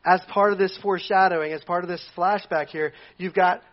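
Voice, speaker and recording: A male pastor preaching a sermon in an animated, conversational way, with jokey asides. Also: high voice, brisk, highs cut off.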